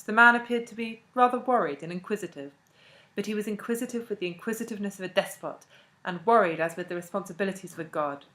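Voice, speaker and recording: A woman narrating a classic novel as an audiobook, in a measured and expressive way. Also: mid-range voice. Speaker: audiobook reader.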